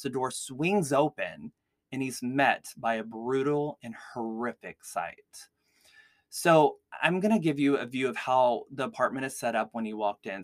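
Male podcast host, mid pitch, casual filler-heavy storytelling, dry recording. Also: no echo. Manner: chatty, heavy use of "like" fillers. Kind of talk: casual true-crime storytelling.

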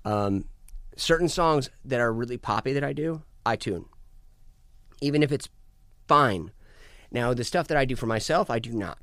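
Animated swearing male storyteller. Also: mid-range voice, normal speed, no room sound, studio quality. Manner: animated, swearing, acts out quotes. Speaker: musician guest. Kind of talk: casual storytelling.

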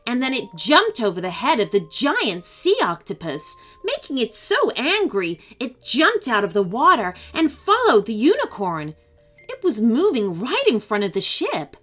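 A woman narrating a children's story in an expressive, animated way. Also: a little high.

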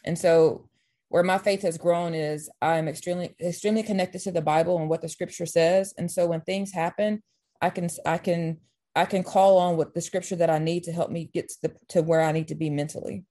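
A basketball coach appears as an interview guest and tells long personal stories, animated and heartfelt, with a faith-filled tone. She often restarts her sentences quickly. Her voice is a little low, warm and mellow.

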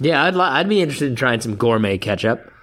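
Blunt, teasing man with lively pitch. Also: fast talker. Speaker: podcast co-host. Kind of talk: casual chat.

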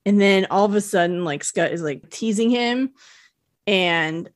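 Podcast co-host, woman, mid-pitched, easygoing recap with many "like"s, dry close mic. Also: a little slow, no echo. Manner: conversational, filler-heavy storytelling with "like". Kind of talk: casual chat retelling a film.

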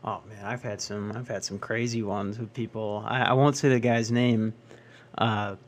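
A man's voice: lowish voice, steady tone, moderate pace. Exasperated young man telling stand-up stories. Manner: profane, exasperated, acts out characters. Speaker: stand-up comedian. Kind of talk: stand-up storytelling.

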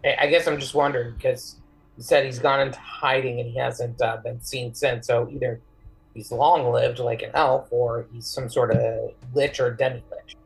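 Gravelly-voiced man asking questions in a game. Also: medium pitch, little pitch movement, moderate pace, rough recording. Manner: asks questions with fillers and restarts. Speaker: player. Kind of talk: casual chat at a tabletop game.

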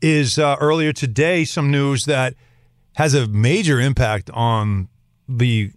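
A man's voice: mid-range voice, slow pace, dry recording, clean studio sound. A man hosting a sports radio show, bantering and teasing a guest. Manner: teasing, animated, mimics people.

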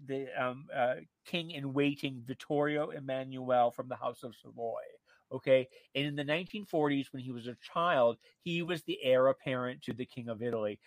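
A man co-hosting a radio show, telling a story in a gossipy, animated way with many fillers and restarts. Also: mid-range voice, dry recording. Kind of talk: casual radio chat. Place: radio studio.

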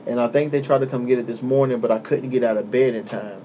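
A young man hosting a podcast who tells a story in a relaxed, casual way, swearing often and acting out the voices of the people in it. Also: medium pitch, fast, slight background noise. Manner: laid-back, swears often, acts out quoted voices. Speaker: podcast host.

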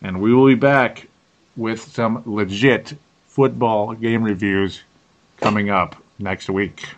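A man's voice: on the low side, fairly even intonation, slow pace, muffled recording, slight background noise. A tired man hosting a casual sports podcast, laughing often and restarting his sentences. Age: young adult to middle-aged. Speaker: podcast host.

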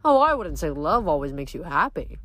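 A woman's voice: low voice, big pitch swings, brisk, a bit bright, exaggerated voice. A woman reading aloud, voicing a harsh, mocking male god of love in a raised, chiding voice. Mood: softened.

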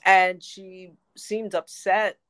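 A woman telling her own story as a podcast guest, lively and quick to laugh. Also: mid-range voice, clean tone, no room sound. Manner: lively, laughs often between phrases. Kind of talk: storytelling in interview.

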